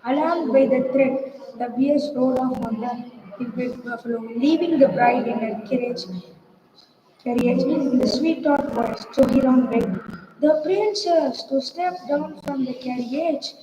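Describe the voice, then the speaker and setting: Woman storyteller reading aloud; high, mellow voice, faint hiss, long hall reverb. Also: measured pace. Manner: steady, with small slips and restarts. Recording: echoey, muffled hall recording.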